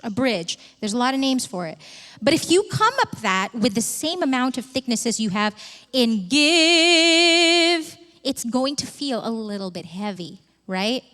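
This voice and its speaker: A woman vocal coach leading a live workshop, energetic and breaking into short sung phrases to demonstrate. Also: fairly high pitch. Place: large hall with live audience. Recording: reverberant hall.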